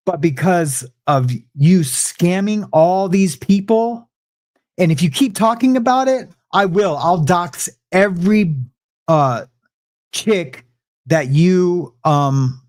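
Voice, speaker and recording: A young man speaking in a fairly high voice, ranting on his livestream. He rambles and circles back, repeating lines as he defends himself. His tone runs hot and insistent. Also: a little mellow. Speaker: livestream host. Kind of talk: heated livestream rant.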